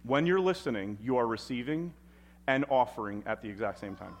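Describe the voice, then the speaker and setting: A man preaching a sermon as pastor at a church service, expressive and emphatic. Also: mid-range voice, fairly quick, a little hiss or hum.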